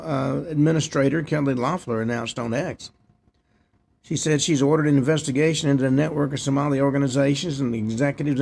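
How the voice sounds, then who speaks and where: A man's voice: medium pitch, vocal fry, darkish tone, breathy edge. A man hosting a talk show, reading news headlines and adding short opinionated asides. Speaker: host. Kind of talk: news commentary.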